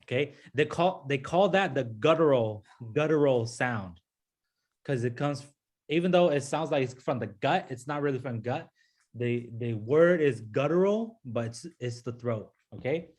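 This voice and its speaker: A man's voice: medium pitch, lively intonation, moderate pace, darkish tone. A man teaching a pronunciation lesson to a class. He patiently repeats sounds and keeps checking in with "okay?" and "right?". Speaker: language teacher.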